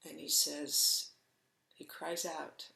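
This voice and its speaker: A middle-aged woman, a Zen teacher, gives a dharma talk in a room with noticeable echo. She speaks slowly, gently and reflectively, with soft pauses, yet her voice is deep, flat in delivery and creaky.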